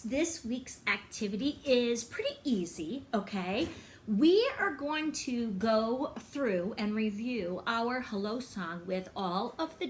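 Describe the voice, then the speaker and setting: A woman music teacher talking brightly and encouragingly to young children, now and then singing a short greeting song. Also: a little high, a little hiss or hum.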